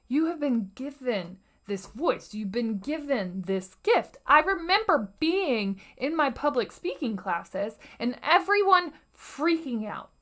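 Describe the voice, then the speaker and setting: A young adult woman hosting a solo motivational podcast, talking earnestly and acting out the voices in her head, sometimes dropping to a whisper. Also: high-pitched. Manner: earnest, animated, acts out inner voices, drops to whispers. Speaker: podcast host.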